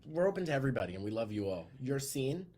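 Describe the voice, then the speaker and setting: A man appearing as a guest comedian, trading quick wisecracks in a casual live chat. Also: medium pitch, sing-song, breathy edge. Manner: quick camp wisecracks, swings between loud and mock-serious.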